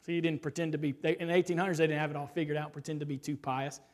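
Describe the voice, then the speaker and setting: A man preaching a sermon in a conversational, animated way, often checking in with his listeners and rising to stress points. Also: fairly high pitch, very fast. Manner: conversational, frequent "right?" asides. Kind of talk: expository sermon.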